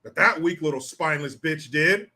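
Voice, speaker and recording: A man's voice: fairly high pitch, moderate pace, sharp tone. A man from the United States hosting a ranting political commentary show, combative and sarcastic, with frequent profanity, reading viewer comments aloud.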